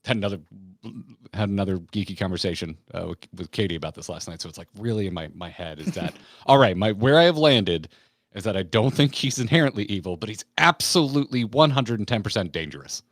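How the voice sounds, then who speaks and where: Excitable male host, dry close sound. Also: fairly low pitch, quick pace, dry recording. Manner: rambling, restarts often, excitable fan talk. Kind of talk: casual roundtable chat.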